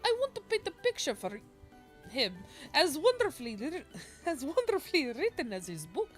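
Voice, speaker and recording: A woman voicing a gentle female artist from a machine race in a video game, reading the lines aloud in a put-on accent. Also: high voice, huge pitch swings, moderate pace, faint music behind, pitched above the performer's own voice.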